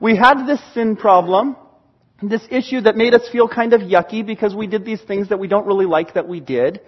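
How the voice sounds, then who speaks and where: A man's voice: high-pitched, normal speed, muffled recording. A male pastor preaching a conversational sermon, reading scripture and acting out short scenes.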